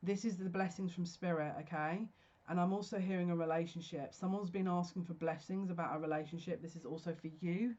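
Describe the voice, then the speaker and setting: A psychic reader talks straight to the viewer in a slow, stop-start way, pausing to search for words as messages seem to arrive. The recording sounds slightly dull and lo-fi. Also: mid-range voice, a little mellow. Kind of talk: solo general reading to camera.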